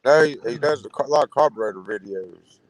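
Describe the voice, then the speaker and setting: A man's voice: mid-range voice, lively intonation, brisk, no echo, low-quality recording. A man chatting casually, hesitant and stammering, repeating words. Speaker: guest in chat. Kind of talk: casual chat.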